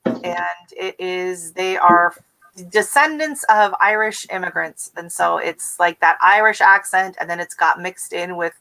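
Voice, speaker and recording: Woman, middle-aged, from the US; livestream host; bright tone, chatty, imitates accents. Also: fairly low pitch, measured pace, rough recording. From United States. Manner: chatty, laughs often, mimics accents. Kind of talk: casual livestream chat.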